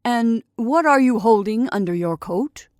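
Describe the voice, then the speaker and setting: A woman voicing Santa Claus as a brisk, hearty old man in a storybook reading. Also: fairly high pitch, animated, no echo, clean studio sound, voice pushed up. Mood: questioning. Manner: loud, hearty, hurried.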